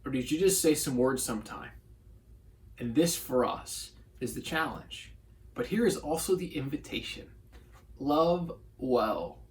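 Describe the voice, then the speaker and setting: A man's voice: mid-range voice, animated, measured pace. A male pastor giving a short devotional sermon in an earnest, conversational way, reading scripture and voicing quotes.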